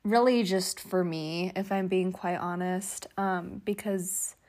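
A young woman hosting a loose solo podcast from her bedroom at night, chatty and rambling with lots of fillers, relaxed and drowsy as she lies down. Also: on the low side, takes it slowly. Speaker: podcast host. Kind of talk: unstructured solo podcast chat.

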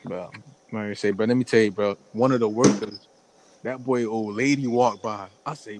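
A man's voice: lowish voice, steady tone, normal speed, very noisy. A young man, telling a story in casual chat and laughing often. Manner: storytelling with frequent laughs and slang.

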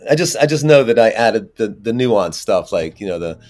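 A man's voice: lowish voice, animated, moderate pace, darkish tone, soft background music. A man, an actor, talking casually in an interview, rambling with many restarts and fillers. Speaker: actor guest.

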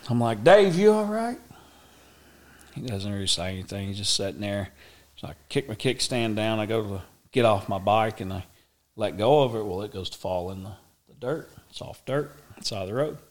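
A middle-aged man tells a story in a casual, animated way and acts out what people said. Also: on the low side, fairly quick, few pauses. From Oklahoma, USA. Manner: animated, acts out quoted speech, drawling. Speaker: interview guest.

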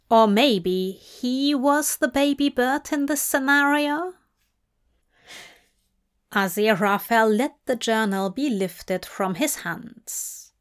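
Woman, story narration, slow, measured, slightly high. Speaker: fanfic reader. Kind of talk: scripted narration.

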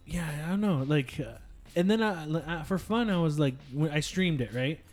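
A man in casual gaming chat, animated and swearing freely as he tells stories from his streams. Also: a little high, moderate pace, soft background music. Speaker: podcast co-host, streamer.

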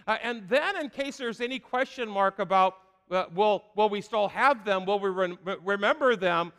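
A man's voice: high voice, moderate pace, hardly any pauses, a bit bright, smooth. A middle-aged man preaching a sermon as pastor, with emphatic repeated phrases and frequent "uh" fillers. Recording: long hall reverb.

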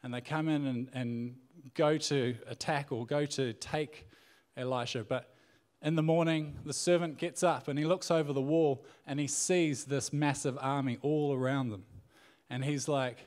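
A man's voice: mid-range voice, steady tone, measured pace, a little mellow. A man giving a casual sermon, retelling a Bible story in a conversational way with frequent fillers and restarts. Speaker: preacher.

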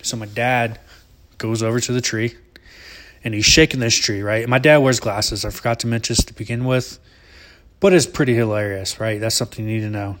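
A man's voice: mid-range voice, fairly even intonation, fairly quick, a bit bright. A young man from Alabama, telling a family story casually in a rambling, profane, often laughing way. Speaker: vlogger.

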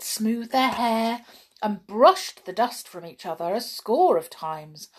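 A woman reading a children's storybook aloud in a gentle, expressive way. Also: on the high side. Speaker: storybook reader.

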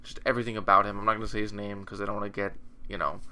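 A man's voice: lowish voice, level tone, rapid-fire, pushed and bright. A man co-hosting a casual chat, sarcastic and joking. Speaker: podcast co-host.

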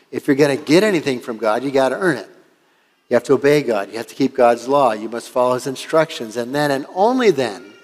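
A man's voice: mid-range voice, in a large hall. An older man, a pastor from Washington State, preaching a sermon and telling a story in an earnest, conversational way. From Washington State, USA.

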